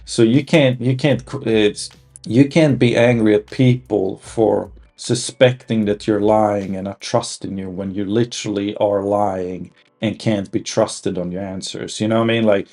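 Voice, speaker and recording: A man's voice: fairly low pitch, steady tone, measured pace, darkish tone. Agitated man ranting with restarts. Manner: heated, rambling with many restarts and fillers. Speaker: commentator. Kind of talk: casual opinion monologue.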